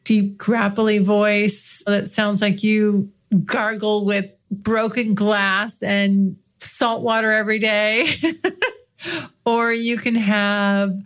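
A woman's voice: mid-range voice, little pitch movement, slow, smooth. American woman, podcast host, laid-back and chatty, mid-range voice, reclined at the desk mic. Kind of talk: casual podcast chat. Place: office. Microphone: recording sideways into a studio mic while reclined.

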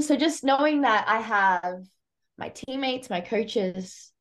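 A woman's voice: on the high side, animated, slow. Chatty young Australian woman. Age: young adult. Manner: chatty and upbeat, lots of "like". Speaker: college softball pitcher guest. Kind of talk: casual interview chat.

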